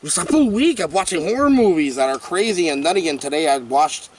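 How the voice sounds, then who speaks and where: A man's voice: a little high, fairly quick, far from the mic, slight background noise. A man rambling playfully through a horror movie recap outdoors, full of jokes and asides. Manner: playful, jokey, lively storytelling full of asides. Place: outdoors on a windy day.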